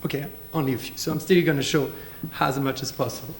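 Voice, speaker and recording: Guest lecturer: hoarse middle-aged man, French accent, conversational and informal. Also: mid-range voice, steady tone, fast talker, a little hiss or hum. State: hoarse, voice partly lost. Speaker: guest speaker. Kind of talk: conference lecture.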